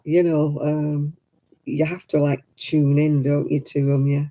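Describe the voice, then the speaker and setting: Chatty woman with a mellow voice. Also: sits low, flat delivery, a little slow. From England. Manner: chatty, laughs often, answers viewers by name. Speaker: livestream host. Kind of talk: casual chat.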